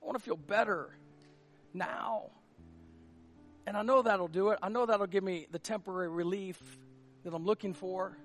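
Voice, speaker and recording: A man preaching a sermon as pastor, impassioned and confessional, swinging between loud urgency and hushed admission. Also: sits high, normal speed, pauses often, soft background music.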